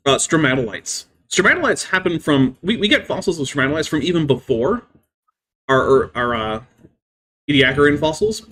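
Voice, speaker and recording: Hosting a live stream, a man explains science at length in careful, lecturing fashion, leaning on many "I mean" fillers. His voice is fairly high, very animated, fairly quick, and bright with a forceful tone.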